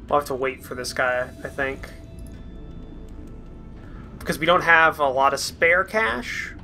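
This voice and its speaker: Man, let's play host, casual gameplay commentary, thinking aloud, slightly high pitch, faint music underneath. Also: a little slow. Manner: thinking aloud, relaxed and chatty.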